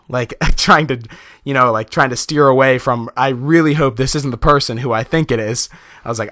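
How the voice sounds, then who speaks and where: A man's voice: mid-range voice, brisk, bright, forceful tone, no echo, studio quality. A young man casually telling a personal story to his viewers, chatty and laughing often, with many fillers. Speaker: vlogger.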